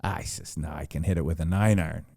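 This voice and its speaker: A man's voice: a bass voice, fairly even intonation, fast, gravelly, warm tone, no echo, clean studio sound. A man telling a long anecdote on a podcast, acting out the dialogue with animation. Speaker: podcast guest storyteller.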